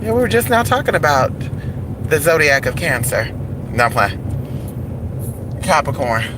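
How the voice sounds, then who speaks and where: A man's voice: on the high side, big pitch swings, unhurried. A man chatting sassily and animatedly while vlogging from his car. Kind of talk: casual car vlog. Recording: traffic noise behind. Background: road traffic.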